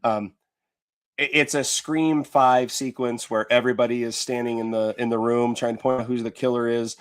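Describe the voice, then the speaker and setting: A man's voice: mid-range voice, steady tone, moderate pace. A man co-hosting a podcast, recapping movie scenes in a rambling way with lots of fillers and restarts. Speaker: podcast co-host. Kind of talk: casual movie recap chat.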